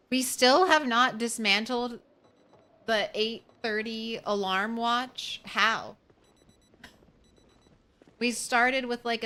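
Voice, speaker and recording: Slow, unhurried delivery from a young woman live-streaming a survival game. Her voice is bright and forward, and her chat is loose and casual, with the odd curse and plenty of remarks to the creatures on screen. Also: a little high. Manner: chatty, swears casually, talks to the game animals. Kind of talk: casual gameplay commentary.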